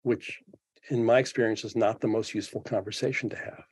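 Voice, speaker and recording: In an interview conversation, a man in his seventies speaks reflectively as a podcast guest, restarting often as he thinks aloud. His voice is lowish, steady and darkish with a breathy edge, and he talks a little fast.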